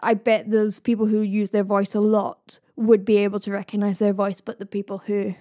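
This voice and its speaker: A woman with a soft east-coast Scottish accent, a voice coach musing in casual chat, laughing easily. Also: medium pitch, level tone, normal speed, no echo, studio quality. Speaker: host, voice coach.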